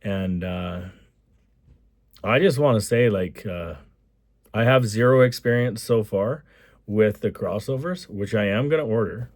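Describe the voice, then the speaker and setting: A man's voice: lowish voice, a little slow, no room sound, studio quality. A man from Alberta, Canada, who owns a construction company, telling a rambling, enthusiastic story in a casual vlog. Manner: rambling and enthusiastic, with repeated asides.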